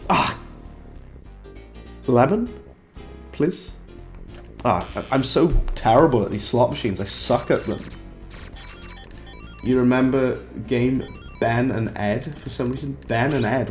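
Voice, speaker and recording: Brief: young male game streamer, mid-pitched voice, talkative, reacts out loud as he plays. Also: measured pace, long pauses, soft background music. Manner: chatty, reacts aloud and banters with chat. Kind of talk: live gameplay commentary.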